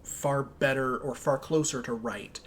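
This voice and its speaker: A man's voice: mid-range voice, steady tone, a little slow. Guy rambling on a gaming podcast, lots of uhs and likes, faint hiss behind. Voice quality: rambling, lots of fillers and restarts. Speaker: podcast co-host. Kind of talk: casual chat.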